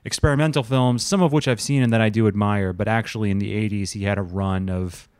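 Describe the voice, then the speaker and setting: A man with a lowish, smooth voice co-hosts a loose comedic chat. He rambles crudely and slips into quoted voices. The sound is dry and close. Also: steady tone, fast talker, a little mellow, no echo. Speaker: podcast co-host.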